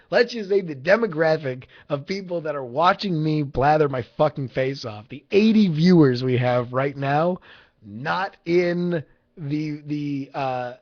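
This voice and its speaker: Guy rambling and cussing on a late night stream, kinda high voice, muffled lo-fi audio. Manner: rambling, profane, joking with chat. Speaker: livestream host. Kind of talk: casual livestream chat. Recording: lo-fi livestream audio.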